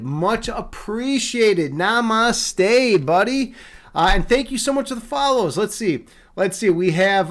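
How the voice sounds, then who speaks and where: Casual streamer host, male, high-pitched, from Chicago, rambling with lots of fillers. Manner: rambling, repeats words, frequent fillers. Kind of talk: casual live-stream chat.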